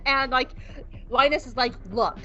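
A young adult woman co-hosting a podcast, recapping an episode in a casual, joking way and acting out characters in quick voices. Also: fairly high pitch, a bit bright, lo-fi sound, soft background music. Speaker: podcast co-host.

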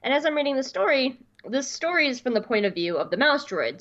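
A woman co-hosting a podcast, telling a story in a casual, excitable, gushing way. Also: high-pitched, fast, hardly any pauses, dull audio, soft background music. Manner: excitable, gushing, breaks into squeals. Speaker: podcast co-host.

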